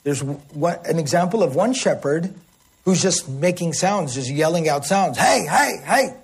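A man's voice: a little high, normal speed, breathy edge. A man teaching a religious language lesson, explaining word meanings and often checking in with his listeners. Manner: acts out calls and shouts.

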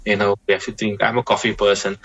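A man, speaking as a Muslim scholar guest in a reflective conversation, measured and repeating words as he thinks. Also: lowish voice, level tone, a bit bright, highs cut off.

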